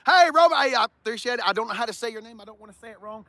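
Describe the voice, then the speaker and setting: A man's voice: very high-pitched, animated, very fast, bright, forceful tone. A man from the Southern United States with a Southern accent, rambling jokily through a casual vlog at a car lot and getting sidetracked. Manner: rambling, easily sidetracked, jokey. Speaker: car vlogger.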